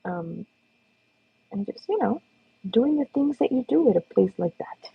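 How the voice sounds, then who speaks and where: A woman's voice: a little high, sing-song, unhurried, creaky, slightly rough. A woman face painter chatting casually on a livestream while she paints, encouraging her viewers and talking to her dog. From Florida. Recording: slightly dull lo-fi livestream audio.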